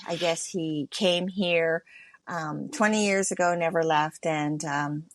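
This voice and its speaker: A woman travel expert casually recounting her cruise week in a chatty, halting way. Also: low voice, fairly even intonation, slight background noise. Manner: chatty, many fillers and restarts. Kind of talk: casual conversational recap.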